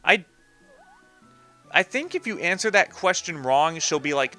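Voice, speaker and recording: Let's play host, casual and wry, bright tenor voice. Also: male voice, fairly high pitch, lively intonation, a little slow, faint music behind. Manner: offhand, swears, self-mocking. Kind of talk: casual gameplay commentary.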